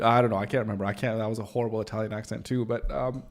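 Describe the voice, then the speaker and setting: A man talking loosely to his livestream audience, his voice carrying a gravelly, fried edge at a middling pitch. He wanders from thought to thought, trailing off and restarting with lots of "uh"s, and jokes at his own expense. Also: steady tone, fast, hardly any pauses. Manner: rambling, full of fillers and restarts; joking, self-deprecating. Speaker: livestream host. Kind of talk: casual livestream chat with viewers.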